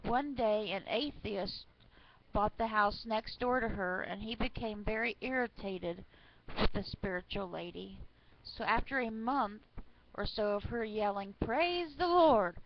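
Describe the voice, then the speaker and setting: A woman reads funny church stories aloud in a casual, chatty way, stopping for asides. She speaks at an unhurried pace, and the recording sounds slightly dull with faint noise behind her. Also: medium pitch. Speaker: online reader of church stories.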